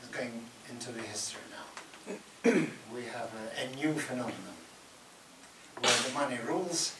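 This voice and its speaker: A man giving a lively talk in a university lecture hall. He laughs often and answers audience questions. The recording is taken from well back in a roomy hall, with steady background noise. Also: medium pitch, normal speed, distant mic. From Russia. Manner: animated, laughs often, acts out Russian voices loudly. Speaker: guest speaker.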